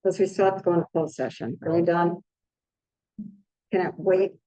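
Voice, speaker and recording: Brisk woman chairing a meeting, muffled. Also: lowish voice, fairly even intonation, mellow. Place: village hall meeting room.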